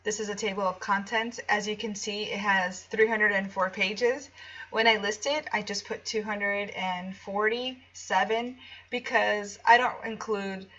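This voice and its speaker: A woman's voice: mid-range voice, fairly even intonation, unhurried, bright, forceful tone, highs cut off. A woman teacher walking listeners through classroom activities in a chatty, explanatory way, with frequent ums and restarts. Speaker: teacher-author showing a product. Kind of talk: casual screen walkthrough.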